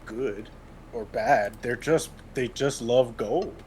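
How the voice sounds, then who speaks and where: A man's voice: mid-range voice, slow pace, darkish tone, slight background noise. A man doing casual live race commentary, agreeable and explaining strategy.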